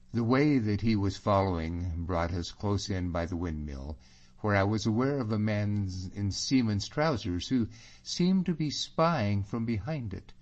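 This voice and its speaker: A man narrates an audiobook in a low voice and an unhurried, measured way. The recording sounds dull and lo-fi. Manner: even, measured storytelling.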